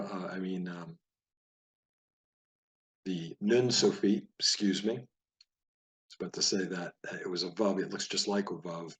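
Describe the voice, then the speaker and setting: Hebrew teacher, man, low-pitched and patient, repeats words slowly for learners. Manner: patient, explanatory, repeats each word slowly. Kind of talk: casual spoken lesson over a page of words.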